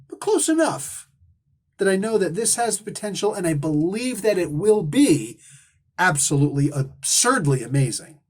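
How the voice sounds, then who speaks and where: A man's voice: fairly high pitch, husky. A man hosting a casual comic book review, talking in an enthusiastic, rambling, casually profane way.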